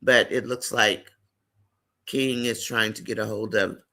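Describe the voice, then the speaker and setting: A man's voice: fairly low pitch, steady tone, unhurried, bright, forceful tone. A man hosting a casual live-stream chat, reading viewer comments aloud and greeting and affirming viewers by name.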